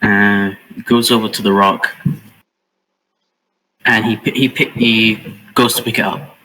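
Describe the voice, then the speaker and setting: A man's voice: lowish voice, fairly even intonation, measured pace, pushed and bright, distant mic, rough recording. A man playing in a tabletop game, speaking hesitantly in a casual way. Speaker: player.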